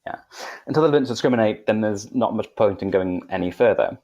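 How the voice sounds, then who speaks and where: Welsh male podcast co-host, low voice, rambling and chatty, often restarts sentences. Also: expressive, fast talker, warm tone, dull audio. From Wales. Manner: rambling, self-correcting, chatty. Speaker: podcast co-host, English teacher. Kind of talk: casual podcast discussion.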